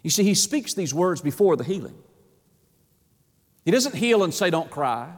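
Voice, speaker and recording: A man preaching a sermon, impassioned, often repeating words and swinging between hushed and rising delivery. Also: high-pitched, sing-song, moderate pace, slightly rough, long reverb tail.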